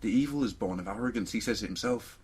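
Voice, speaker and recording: Husky low-voiced man, rambling. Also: quick pace. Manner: rambling, jokey, lots of fillers. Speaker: podcast co-host. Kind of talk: casual chat.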